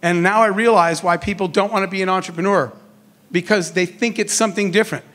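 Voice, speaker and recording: Man, middle-aged, high-pitched, motivational keynote speaker, animated storytelling, acts out dialogue. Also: fast.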